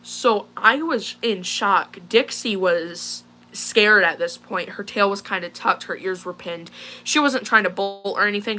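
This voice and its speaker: Sharp-toned and medium in pitch, a teen girl tells viewers about a distressing thing that happened to her, rambling casually with plenty of fillers and sounding shaken. There's a little hiss or hum in the recording of this live personal story.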